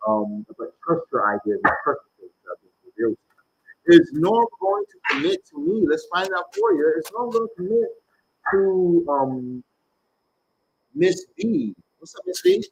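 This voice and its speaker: Lively, blunt male tarot reader. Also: a little high, normal speed, highs cut off, a little hiss or hum. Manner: blunt, animated, swears freely. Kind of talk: live tarot reading stream.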